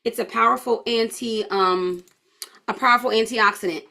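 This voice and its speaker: Tired woman coach, higher pitch, casual live-class banter. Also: normal speed, gravelly, pushed and bright. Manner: chatty and informal, addressing viewers as y'all. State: tired, yawning. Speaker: holistic health coach. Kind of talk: live online class, casual talk to viewers.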